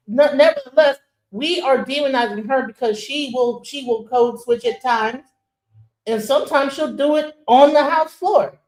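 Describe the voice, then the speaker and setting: A woman hosts a casual commentary stream, animated and emphatic, dropping into mocking impressions. Her voice is a bit high and rings in an echoey room. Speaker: host.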